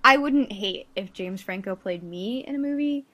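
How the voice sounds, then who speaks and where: A woman's voice: medium pitch, animated, moderate pace, crowd noise. A woman co-hosting a comedy podcast, telling stories in a rambling way full of fillers. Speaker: podcast co-host.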